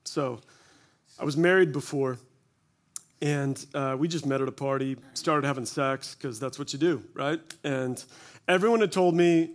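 Speaking at a church gathering before an audience, a man in his forties uses a medium-pitched voice at normal speed. His testimony is light-hearted and self-deprecating, told through stories with quoted asides.

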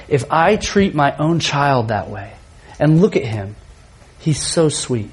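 Male youth preacher, thirties, high-pitched, earnest sermon delivery with soft tender passages. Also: sing-song, takes it slowly, husky. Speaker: youth pastor.

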